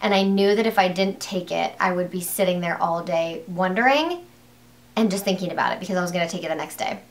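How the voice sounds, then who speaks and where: In a casual vlog, a young woman with a lowish voice speaks directly to her viewers at a brisk pace. She rambles through her story with lots of "like" and false starts, her voice leaping up with excitement.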